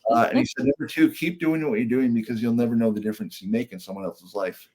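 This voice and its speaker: A man's voice: mid-range voice, fast talker, darkish tone, breathy edge. A middle-aged man, a comedian and speaker, telling an earnest personal story as a guest on a podcast.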